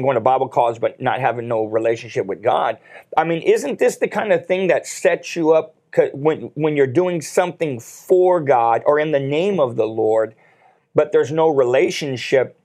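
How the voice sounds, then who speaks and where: A man's voice: fairly high pitch, darkish tone. Earnest man telling faith stories. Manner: earnest storyteller, many fillers and restarts. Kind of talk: faith talk show conversation.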